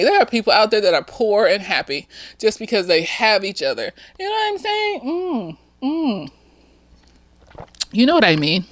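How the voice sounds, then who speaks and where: A woman's voice: fairly low pitch, a bit bright, no room sound. A slightly tipsy woman, a therapist, recapping a TV episode in a frank, chatty way full of slang and swearing. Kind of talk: casual TV recap vlog.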